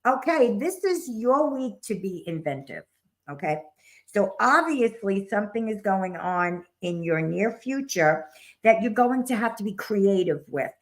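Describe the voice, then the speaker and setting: A woman's voice: medium pitch, expressive, unhurried. An older woman co-hosting a psychic show, chatting and giving encouraging astrology readings. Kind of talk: casual chat and astrology reading.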